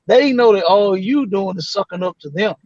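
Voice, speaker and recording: High-voiced man telling a story. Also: moderate pace, no echo, lo-fi sound. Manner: animated, quotes others in voices, swears freely. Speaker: guest. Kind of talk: casual storytelling.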